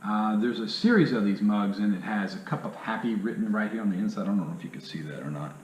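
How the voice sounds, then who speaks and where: A man with a hillbilly accent rambles through a casual vlog in a somewhat low voice. He talks in a folksy, easygoing way and keeps checking in with his listeners. The room is echoey, with a faint hum of ambient noise underneath. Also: expressive, fast talker. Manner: rambling, folksy, says "you know what I mean" often. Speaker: reselling vlogger.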